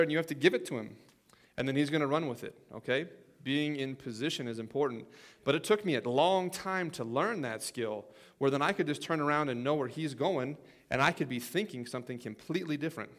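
A middle-aged man preaching in a relaxed, folksy way, slipping in jokes as he goes. His voice sits at an ordinary pitch for a man. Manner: folksy, joking, with football stories. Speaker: pastor. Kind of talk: sermon.

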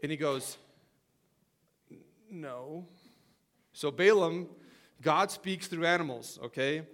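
A man's voice: on the high side, fairly bright tone. A man preaching a casual sermon in a chatty way, often checking in with the audience. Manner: conversational, asks okay and right often.

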